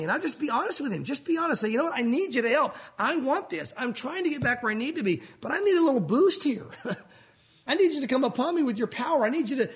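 A man preaching a sermon as a pastor, earnest and pleading, often rising and dropping his voice for emphasis. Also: slightly rough. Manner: earnest, pleading, rises and falls in pitch for emphasis.

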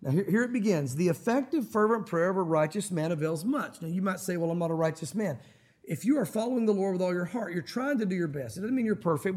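A man preaching a sermon as a pastor, animated and acting out Bible scenes. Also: sits high, breathy edge. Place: church sanctuary.

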